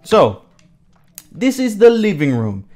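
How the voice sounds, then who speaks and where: An English teacher giving young pupils a vocabulary lesson over a house tour, repeating each word slowly, asking checking questions and praising answers. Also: medium pitch, wildly swooping pitch, a little mellow, soft background music.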